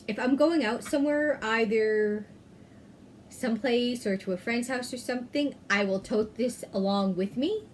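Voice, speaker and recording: A woman hosting a knitting podcast, chatting casually, often pausing with "um" and correcting herself mid-sentence. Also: mid-range voice, slight background noise. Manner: chatty, self-correcting, frequent "um". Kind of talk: casual chat.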